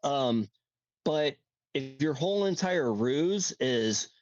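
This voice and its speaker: A man's voice: medium pitch, expressive, slow, a little mellow, no room sound, dull audio. A man from Florida co-hosting a casual opinion chat, emphatic and talking in bursts with restarts.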